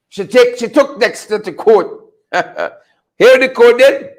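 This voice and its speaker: A man hosts a casual commentary show. His voice sits very high and swings widely in pitch, and he talks slowly and deliberately. He teases, laughs often and repeats his lines for effect. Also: expressive. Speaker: host.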